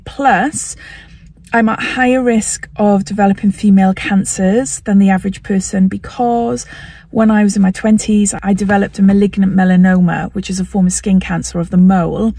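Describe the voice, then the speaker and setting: Middle-aged woman, candid personal vlogger, mid-pitched voice, dry recording. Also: dark tone, dry recording. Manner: candid, emotional, laughs often. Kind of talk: personal health vlog.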